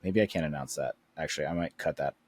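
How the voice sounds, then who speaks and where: A man's voice: very deep voice, fast talker, background noise. A man hosting a podcast in casual chat, upbeat and rambling with many fillers. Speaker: podcast host.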